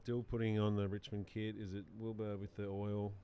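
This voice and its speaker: Low-voiced Australian man teasing his co-hosts. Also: a little hiss or hum. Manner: teasing, excitable, quick calls on the play. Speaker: co-host of a live football watch-along stream. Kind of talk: casual live match chat.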